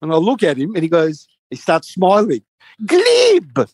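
A man co-hosting a casual talk show, telling an animated anecdote. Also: on the high side, a little fast, no echo. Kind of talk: casual chat, storytelling.

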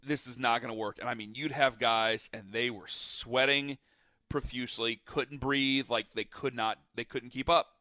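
A man's voice: medium pitch, fairly even intonation, moderate pace, bright, forceful tone, no room sound, clean studio sound. A man in casual chat, telling long rambling stories with lots of fillers and restarts.

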